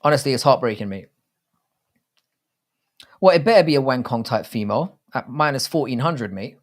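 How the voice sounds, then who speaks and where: A man's voice: mid-range voice, expressive, normal speed. A man in his thirties hosting a livestream watchalong, talking to chat in a blunt, profane, rambling way. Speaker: livestream host. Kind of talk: casual livestream watchalong commentary.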